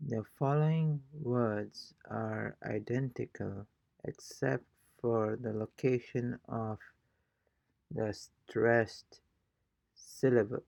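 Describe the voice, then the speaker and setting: A man's voice: medium pitch, steady tone, takes it slowly, gravelly, darkish tone, no echo, clean studio sound. A man teaching a casual language lesson as a fellow learner, hesitant and thinking aloud with many fillers. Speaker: self-taught Spanish learner teaching a lesson.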